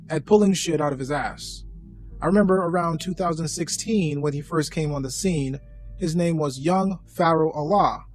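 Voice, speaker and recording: A man's voice: fairly high pitch, darkish tone. A man narrating a scripted commentary voice-over in a dry, sarcastic tone.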